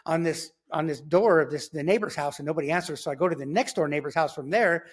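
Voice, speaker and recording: Guy with a higherish voice just telling his story, loose slangy way of talking, throws in boom sounds. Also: fast talker, breathy edge. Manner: animated, slangy, acts out sounds like "boom" and "pow". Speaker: guest telling his testimony. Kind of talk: casual spoken storytelling.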